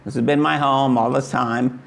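An older man from Kansas preaches in a folksy, earnest way, speaking. His voice has a gravelly, creaky edge at an ordinary middle pitch. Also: steady tone, normal speed. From Kansas, USA. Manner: earnest, folksy, rises high when voicing Jesus. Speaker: pastor. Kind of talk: testimony sermon.

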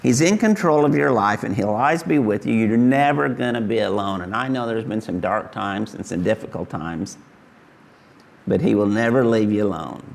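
Gravelly older Kansas preacher. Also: male voice, expressive, moderate pace. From Kansas, USA. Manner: earnest, folksy, rises high when voicing Jesus. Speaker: pastor. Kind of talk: testimony sermon.

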